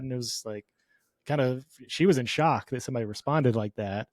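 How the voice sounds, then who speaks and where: A man's voice: medium pitch, a little fast, no echo, clean studio sound. A man speaking as a podcast guest in an earnest, sincere, motivational way about faith and business. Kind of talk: casual faith-focused conversation.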